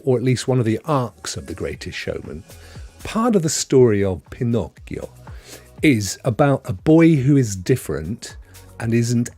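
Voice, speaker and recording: A man's voice: fairly low pitch, warm tone, slightly rough. A British man hosting a casual live-stream about gaming, chatty and rambling, reading the chat aloud and laughing often. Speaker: gaming show host.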